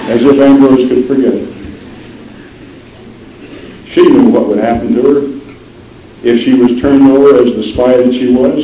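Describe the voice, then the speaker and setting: A roomy, dull lo-fi recording with faint background noise captures a man narrating a dramatic piece of history. He speaks in a measured way and often lowers and softens his voice to stress a point.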